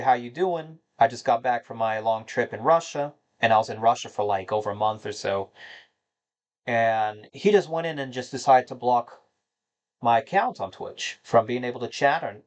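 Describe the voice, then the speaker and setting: A man with a medium-pitched voice runs a gaming channel and speaks at a moderate pace in a casual monologue to his viewers. He rambles, sounding somber and let down, with lots of fillers and false starts.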